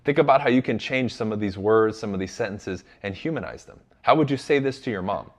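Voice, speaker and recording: A man's voice: lowish voice, a little fast. A man giving blunt, emphatic coaching to his audience, speaking directly and sometimes swearing. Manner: blunt and emphatic, addresses the audience as "you guys"; drops into casual swearing. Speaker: sales coach. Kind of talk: direct motivational instruction.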